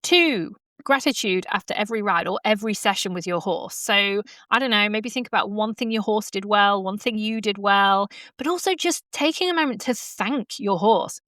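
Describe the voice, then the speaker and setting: A woman's voice: mid-range voice, moderate pace, few pauses, bright, forceful tone, no room sound. Chatty woman podcasting. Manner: chatty, laughs often, many fillers. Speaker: podcast host and horsemanship coach. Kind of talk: casual solo podcast. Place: at home in front of a laptop. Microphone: laptop podcast mic.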